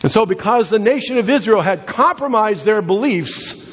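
In a church sanctuary, an American pastor delivers a sermon in a husky, fairly high voice, preaching emphatically with repetitions and sudden pitch swings. He is expressive and speaks at normal speed. The dull, lo-fi audio carries a long hall reverb.

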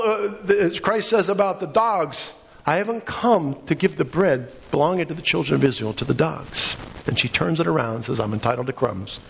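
A man's voice: mid-range voice, gravelly, fairly bright tone, muffled recording. A man preaching a sermon with passion, acting out the voices of the people in his story. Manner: impassioned, acts out quoted voices.

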